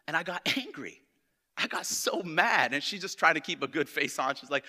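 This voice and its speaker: A high, very bright male voice preaching a sermon, with a long reverb trailing off the walls of the church hall. He lingers over scripture with deliberate emphasis, keeps calling on the congregation with questions, and talks with open, heartfelt emotion. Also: expressive. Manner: speaks with open emotion and personal warmth.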